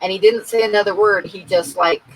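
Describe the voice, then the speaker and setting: A woman's voice: mid-range voice, fairly even intonation, a little fast, a little hiss or hum, rough recording. A woman chatting casually on her live stream with viewers, telling a story in a chatty, amused way and laughing along at it. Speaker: art channel host chatting with viewers.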